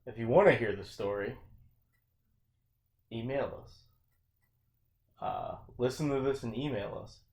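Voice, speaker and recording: A man's voice: mid-range voice, measured pace, pauses often, a little mellow. A man co-hosting a podcast, chatting casually with a blunt, profane, self-mocking way of talking. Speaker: podcast co-host. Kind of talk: casual chat. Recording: echoey room.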